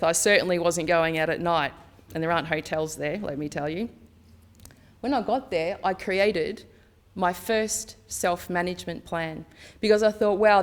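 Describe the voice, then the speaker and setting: A woman giving a candid conference talk, chatty and acting out dialogue as she tells personal stories. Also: lowish voice. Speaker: conference speaker. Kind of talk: personal storytelling presentation.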